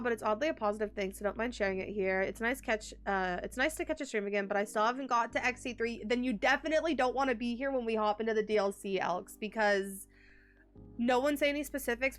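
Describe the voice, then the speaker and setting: A young woman from Texas streaming a game from home, chatting warmly and answering her viewers. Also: a little high, brisk, smooth, soft background music. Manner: chatty and warm, reads and answers chat. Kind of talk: casual live-stream chat.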